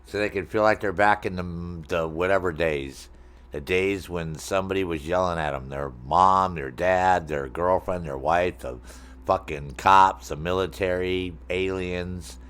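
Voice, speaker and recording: A middle-aged man with a low voice chats loosely while he plays a game on stream. He rambles from topic to topic, swearing freely and joking with his viewers. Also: measured pace, a bit bright, smooth. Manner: rambling, profane, jokey, talks to chat. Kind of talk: casual gaming stream chat.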